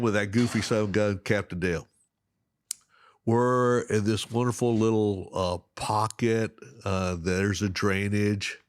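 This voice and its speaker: Deep-voiced man telling a fishing story. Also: no echo. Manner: animated, laughs often, acts out dialogue. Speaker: guest. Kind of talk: casual storytelling.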